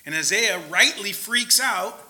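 A male preacher with a high voice and a very bright, sharp tone. He gives a conversational sermon, checks in with his listeners as he goes, and swings between loud emphatic points and quiet asides. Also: lively intonation, unhurried, rough recording.

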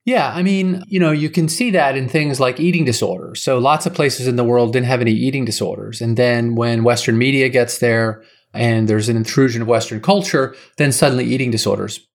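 A man's voice: medium pitch, a little fast. Man explaining at length as a guest. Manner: explanatory, lecture-like listing. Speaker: podcast guest, author. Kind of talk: casual interview talk.

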